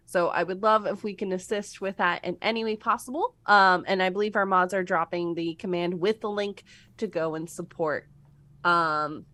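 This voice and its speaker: A woman host runs through the stream's announcements before the game starts. She talks chattily and fills her pauses with ums and uhs. Her voice sits at a middle pitch, and the sound is dry and close with no room echo. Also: a bit bright. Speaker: game master and show host.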